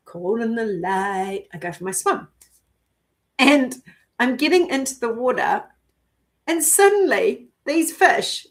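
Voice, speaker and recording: A middle-aged woman vlogging, telling a personal story in a casual, animated way, giggling and swearing now and then as she acts out her own thoughts. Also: on the high side.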